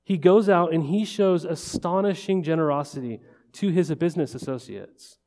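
A male pastor delivers a sermon at normal speed in a relaxed, conversational style, his voice slightly high for a man yet warm and mellow. He constantly checks in with listeners through rhetorical questions and "right?", and the long reverb of a large church hall surrounds his words.

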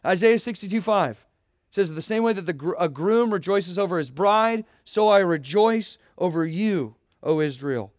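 A man's voice: sits high, expressive, moderate pace, no echo, studio quality. A young man preaching a sermon, earnest and emphatic, asking rhetorical questions and addressing students directly. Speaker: pastor.

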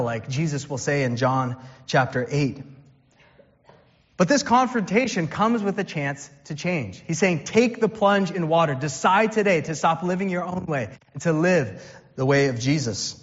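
A man, preaching a conversational sermon and quoting scripture. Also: on the high side. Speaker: pastor. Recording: dull sound with long hall reverb.

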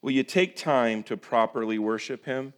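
Man preaching with emphatic swings. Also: mid-range voice. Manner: swings from loud emphatic bursts to quiet, slow, drawn-out phrases; folksy, addresses listeners as folks. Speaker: pastor. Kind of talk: sermon.

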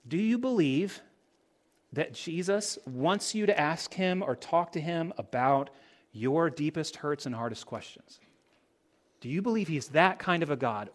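A male pastor delivers a sermon, leaning on rhetorical questions to draw in his listeners. His voice sits a little high and moves with lively, animated inflection.

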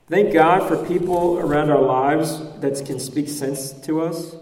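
A man's voice: on the high side, fairly even intonation, unhurried, few pauses, darkish tone. A man preaching a sermon and reading scripture aloud. He explains in short, repeated phrases and keeps checking in with his listeners by asking "okay?" and "right?". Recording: echoey hall, voice from far off.

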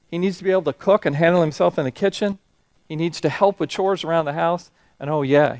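An eager, demanding woman rattles off her wishes in a quick, raised voice, as a preacher acts her out. The sound is dry and close. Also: fairly high pitch, no room sound. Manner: quick, excited, listing demands.

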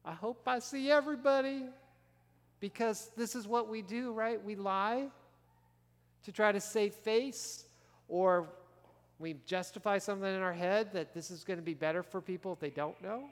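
A man's voice: high-pitched, normal speed. Man preaching in an echoing church hall. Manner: conversational preaching, asks the congregation questions. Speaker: pastor. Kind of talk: sermon. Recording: long reverb of a large church hall.

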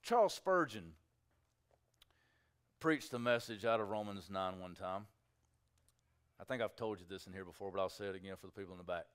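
A man's voice: deep voice, brisk, pauses often, a bit bright, clear, resonant tone. A male pastor preaching a sermon, reading scripture and acting out objectors' questions in a raised voice.

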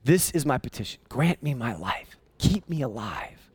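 Man doing a pleading queen, earnest, lively pitch, dry sound. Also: a little fast, dry recording. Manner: earnest, dramatic retelling in paraphrase. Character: desperate pleading queen, young woman.

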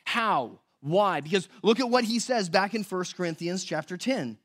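High-voiced preacher, conversational sermon. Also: male voice, expressive, normal speed, fairly bright tone. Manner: conversational, asks rhetorical questions, corrects himself aloud. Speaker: pastor. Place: church.

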